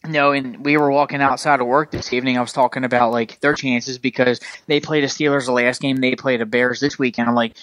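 A man's voice: medium pitch, steady tone, fast, few pauses, fairly bright tone, dry recording. A man co-hosting a casual sports podcast, talking with passion in a rambling way, full of fillers. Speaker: podcast co-host.

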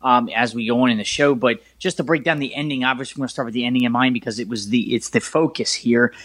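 A man on a sports talk show, telling a stadium story in an excitable, rambling way with many restarts. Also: mid-range voice, quick pace.

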